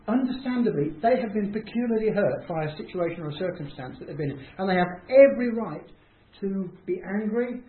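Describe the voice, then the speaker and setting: A man giving an informal, conversational talk, self-deprecating and acting out people's reactions as he speaks. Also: high voice. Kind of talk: informal talk to a small group. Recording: tinny, roomy, faint hiss.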